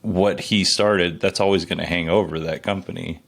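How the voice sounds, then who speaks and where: A man's voice: deep voice, fairly even intonation, moderate pace, creaky, fairly bright tone. A man hosting a podcast, asking questions in a casual, rambling, conversational way. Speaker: podcast host.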